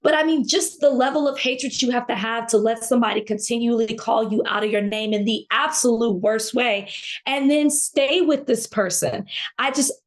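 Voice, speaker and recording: A passionate woman in her thirties co-hosting a podcast. She speaks with indignant conviction, and her voice sits a little high. She often restarts and repeats her phrases as she presses her point. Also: moderate pace. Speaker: podcast co-host. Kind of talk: heated casual chat.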